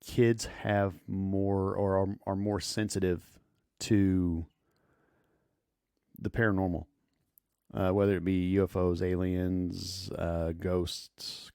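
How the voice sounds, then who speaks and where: A man in his forties from southeastern Kansas, calmly introducing his paranormal story with frequent "uh" fillers. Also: low voice, slow, clear, resonant tone, no echo, clean studio sound. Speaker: guest storyteller. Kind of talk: casual spoken storytelling.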